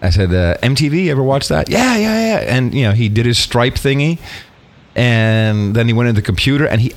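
A man co-hosting a podcast in casual chat, animated and swearing freely, often laughing. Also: lowish voice. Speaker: podcast co-host.

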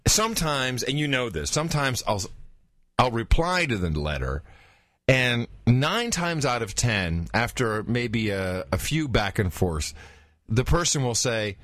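A man's voice: medium pitch, big pitch swings, a little slow, fairly bright tone, no echo, studio quality. A middle-aged man co-hosting a podcast, chatting casually, joking and teasing. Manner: joking, teasing, laughs often. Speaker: podcast co-host. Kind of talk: casual chat.

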